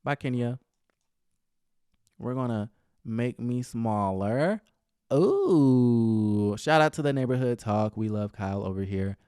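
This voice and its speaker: A man's voice: medium pitch, expressive, slow pace, pauses often, dark tone, clean tone, no echo, studio quality. A man hosting a gossip vlog, giving sassy, dramatic commentary on reality TV with playful asides. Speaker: celebrity gossip vlogger.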